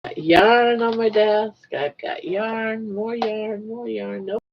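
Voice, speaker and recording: An older woman from Maine chats slowly and easily on her livestream. She breaks off to coo softly to her pet. The sound is dull and lo-fi. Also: mid-range voice, steady tone, vocal fry. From Southern Maine. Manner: coos softly to her pet between chatting with viewers. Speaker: livestream host. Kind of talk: casual live chat. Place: home office.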